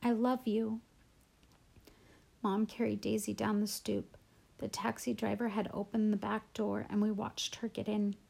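Mellow-voiced woman reading a story. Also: medium pitch, completely flat delivery, normal speed, vocal fry, slightly rough. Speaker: audiobook narrator. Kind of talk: audiobook reading.

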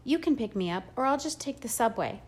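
A woman's voice: on the high side, lively intonation, brisk, pitched above the performer's own voice. A woman voicing a fifteen-year-old girl who answers in clipped, insistent bursts, read as part of an audiobook.

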